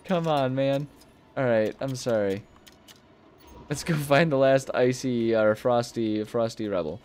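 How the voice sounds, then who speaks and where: A young man commenting casually while playing a video game, rambling and easily amused, often breaking into high-pitched laughter. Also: a little slow, a little mellow, clear, resonant tone. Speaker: gaming video host. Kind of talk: casual let's-play commentary.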